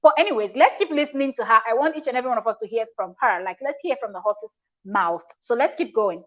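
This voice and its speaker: A woman's voice: a little high, lively intonation, fast, fairly bright tone, lo-fi sound. A woman hosting a reaction video, talking in a chatty, emphatic way with frequent restarts. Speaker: reaction channel host. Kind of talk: casual reaction commentary.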